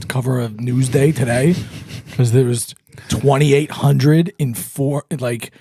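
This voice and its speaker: A man co-hosting a podcast, with a gravelly, husky voice and an argumentative, laughing way of bantering. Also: mid-range voice, steady tone, takes it slowly, dark tone, dry recording. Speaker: podcast co-host. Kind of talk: casual chat.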